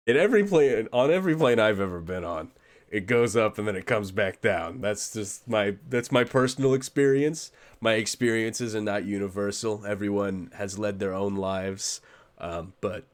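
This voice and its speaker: A man streaming a reaction to a video, with casual commentary full of sarcastic asides and frequent laughter. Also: on the low side.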